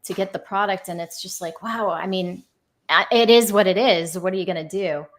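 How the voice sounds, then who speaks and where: A woman's voice: medium pitch, normal speed. Easygoing woman co-host reading comments. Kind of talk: casual chat.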